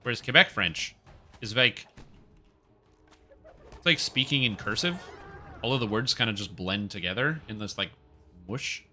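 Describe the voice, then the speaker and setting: Bright-voiced chatty male gamer streamer. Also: lowish voice, lively intonation, unhurried, pauses often, faint music behind. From Canada. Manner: rambling, chatty, answers chat. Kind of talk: casual chat while gaming.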